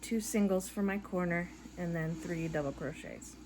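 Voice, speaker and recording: A middle-aged woman crocheting and chatting casually at home, rambling and tired, yawning between soft laughs. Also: lowish voice, moderate pace, background noise. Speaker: crochet vlogger. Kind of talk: casual chat while crocheting. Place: living room at home. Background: faint background audio playing.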